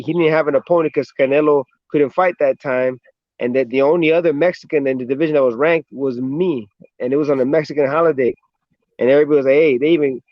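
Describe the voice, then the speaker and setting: A man's voice: on the high side, dry recording, dull audio. A man with an American accent, a professional boxer, chatting casually in an interview and telling stories in a laid-back way, often swearing and tagging lines with "man".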